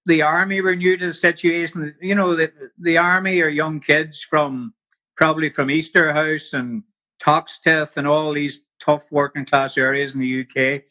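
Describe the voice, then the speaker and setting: A man's voice: fairly high pitch, little pitch movement, moderate pace, bright, forceful tone. A man in his sixties with a Northern Irish accent, a podcast guest telling vivid anecdotes in a casual interview. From Belfast.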